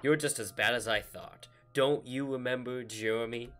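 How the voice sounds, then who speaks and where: A man's voice: mid-range voice, moderate pace, bright, forceful tone, soft background music, close to an everyday voice. A man voicing a vengeful, unstable male game villain in a mock pirate accent, reading the dialogue aloud. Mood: menacing mocking. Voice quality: mocking pirate voice.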